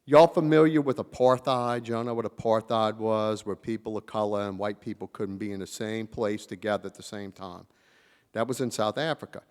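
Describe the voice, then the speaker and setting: A man telling lively stories to a convention audience, acting out the voices of the people in them. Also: lowish voice, normal speed, clean tone. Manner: animated storyteller, acts out quotes, drawls "y'all". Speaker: convention panel speaker. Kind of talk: storytelling talk to a live audience. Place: large convention hall. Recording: reverberant convention hall.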